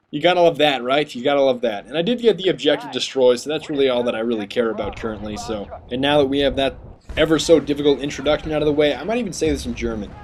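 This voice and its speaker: A man giving chatty, rambling gameplay commentary, getting sidetracked and excitable over his kills. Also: medium pitch, slight background noise. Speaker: gaming commentator.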